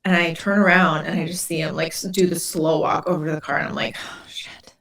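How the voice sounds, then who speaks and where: Chatty woman podcast host, slightly low. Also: steady tone, quick pace, vocal fry, crowd noise. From Indiana, USA. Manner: chatty, lots of "like" fillers. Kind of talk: casual storytelling chat.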